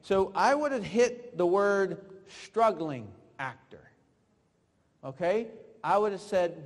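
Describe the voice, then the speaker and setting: A male trainer with a high voice leads a live seminar, quizzing and coaching his audience through drills. His voice rings through a hall with a long reverb. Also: expressive, slow pace. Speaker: network marketing trainer. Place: large room with an audience.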